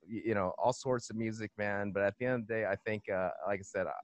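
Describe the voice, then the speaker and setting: A laid-back man chatting on a podcast, his low voice recorded close and dry with no room echo. He rambles through his thoughts, leaning on fillers and calling everyone "man". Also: steady tone, fast. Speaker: guest musician. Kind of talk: casual podcast chat.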